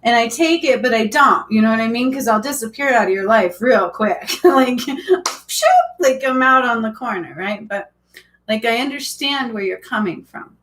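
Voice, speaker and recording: A woman's voice: fairly high pitch, moderate pace, a bit bright, poor audio. A woman in her thirties who works as a spiritual healer, talking in a rambling, emotional way on a casual live stream, full of fillers and restarts.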